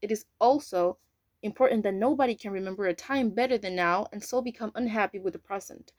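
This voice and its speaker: A woman's voice: medium pitch, brisk, no room sound. A woman reading an English novel aloud, carefully, with occasional slips and self-corrections. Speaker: reader. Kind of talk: amateur audiobook reading.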